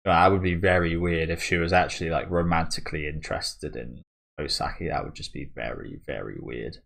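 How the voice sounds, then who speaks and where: A man's voice: low-pitched, fairly quick, gravelly, a bit bright. A young man hosting a manga reaction video, chatting casually and musing aloud with fillers and small chuckles. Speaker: manga reaction channel host.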